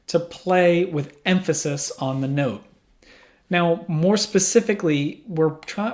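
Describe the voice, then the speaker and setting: A man working as a music teacher, giving a patient lesson in a small room and answering his own questions step by step. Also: a little high. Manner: patient, asks questions then answers them. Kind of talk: instructional explanation. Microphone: studio microphone.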